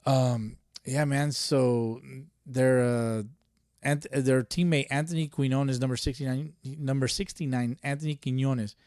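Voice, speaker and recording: A young man hosts his own podcast alone, rambling through a casual rant full of swearing and quick laughs. He sounds a little buzzed, his voice sits in an ordinary middle pitch, and the recording is dry and close. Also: steady tone, darkish tone, no room sound. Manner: profane, rambling, laughs often. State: a little tipsy. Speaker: podcast host.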